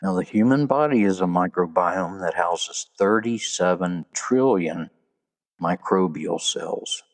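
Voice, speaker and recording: Slow, low-voiced man hosting a podcast. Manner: folksy, joking delivery with trivia. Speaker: podcast host. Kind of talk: casual solo podcast monologue.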